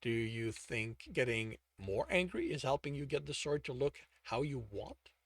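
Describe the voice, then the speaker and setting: A man voicing a calm, patient male mentor who speaks quietly and low. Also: a little slow, dry recording, exaggerated voice.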